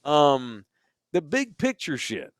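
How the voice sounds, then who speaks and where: A man's voice: fairly high pitch, huge pitch swings, slow pace, dry recording. A man co-hosting a sports podcast from a bar studio, ranting emphatically with plenty of profanity. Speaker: podcast co-host. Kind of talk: casual sports podcast rant.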